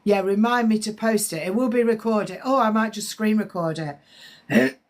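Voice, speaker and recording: A woman's voice: medium pitch, a little slow. Chatty woman doing live readings. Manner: chatty, rambling, talks to viewers' comments. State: slightly congested. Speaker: psychic medium. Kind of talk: live-stream spiritual readings.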